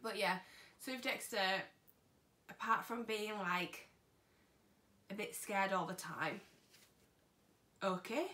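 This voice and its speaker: A woman's voice: mid-range voice, slow, pauses often, bright, forceful tone, distant mic. A young woman telling a personal story to camera in a chatty way, acting out what others said. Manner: chatty, acts out what people said. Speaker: vlogger. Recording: echoey room, voice a bit off-mic.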